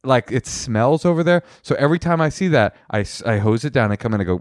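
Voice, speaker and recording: A man's voice: medium pitch, fast talker, few pauses, dry recording, clean studio sound. A man in his thirties co-hosting a casual comedic podcast, telling rambling stories with lots of restarts. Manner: animated, rambling storyteller with restarts. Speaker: podcast co-host.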